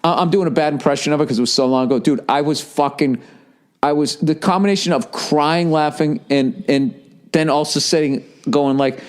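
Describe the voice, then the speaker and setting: A man in his fifties with a Boston accent, hosting a podcast in casual, profane and animated chat. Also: on the high side, a little fast. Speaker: podcast host.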